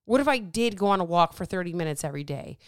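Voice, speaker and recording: A woman hosting a podcast alone from a small dark office, asking repeated rhetorical questions in a fired-up motivational monologue. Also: fairly low pitch, expressive, fast talker, smooth, no room sound, clean studio sound. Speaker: podcast host.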